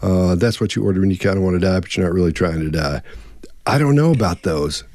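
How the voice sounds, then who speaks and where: A middle-aged man co-hosting a live online Q&A, telling a long story in a rambling, animated way and acting out the voices of the people in it. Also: deep voice, quick pace, dry recording, clean studio sound. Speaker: co-host answering member questions. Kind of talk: casual storytelling chat. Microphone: online live stream.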